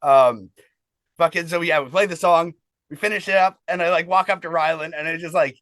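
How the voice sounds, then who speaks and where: A man's voice: on the high side, fairly quick, fairly bright tone, no echo. A man who fronts a band, telling stories in a casual interview, rambling and swearing with lots of fillers. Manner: rambling, profane, heavy on fillers.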